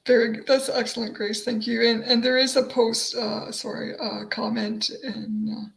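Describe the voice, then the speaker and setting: A woman co-hosting a live online panel, speaking haltingly with many filler words. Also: fairly high pitch, little pitch movement, gravelly, poor audio. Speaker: co-host.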